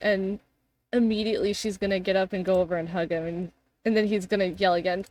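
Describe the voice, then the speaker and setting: A woman's voice: medium pitch, steady tone, fast talker, darkish tone. A woman narrating casually as game master of a tabletop game.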